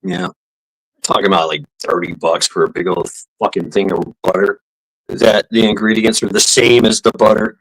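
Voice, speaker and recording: A man's voice: lowish voice, lively intonation, moderate pace, creaky, a bit bright, rough recording. Profane rambling male streamer. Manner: profane, laughing, full of fillers and restarts. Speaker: live streamer. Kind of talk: casual rambling storytelling.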